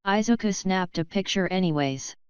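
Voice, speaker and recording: A woman reads a fan fiction audiobook in a calm, even manner. Her voice sits a little low and comes through very clean and dry. The recording sounds slightly dull. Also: moderate pace, smooth, no echo. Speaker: narrator.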